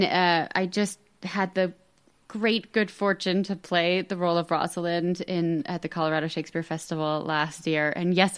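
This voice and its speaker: An American woman who acts on stage, chatting as a podcast guest in an animated, self-deprecating way with frequent laughter. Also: on the low side, clean tone. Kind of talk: casual podcast conversation.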